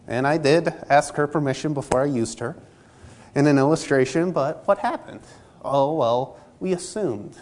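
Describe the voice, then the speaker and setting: A man's voice: fairly high pitch, normal speed, darkish tone. Man preaching a casual, story-driven sermon. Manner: conversational, acts out dialogue in anecdotes.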